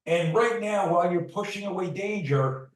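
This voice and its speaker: A man's voice: high-pitched, moderate pace. A man in his sixties, a personal defense coach, talks bluntly and emphatically in an interview, acting out short role-play scenes as he teaches. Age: 60s. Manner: blunt, emphatic, swears freely.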